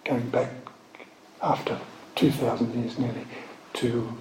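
A man teaching from the Bible, reading scripture aloud slowly with emphatic stress and explaining it. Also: medium pitch, level tone. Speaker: preacher. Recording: echoey room, faint background noise.

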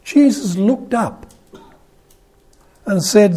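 An older man preaches in a loose, conversational way, joking and voicing the people in the story with lifted emphasis. His voice is husky and mellow, sitting a little high for a man. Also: lively intonation, measured pace. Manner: chatty and humorous, acts out quoted lines with rising emphasis. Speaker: priest. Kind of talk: informal sermon on the Gospel.

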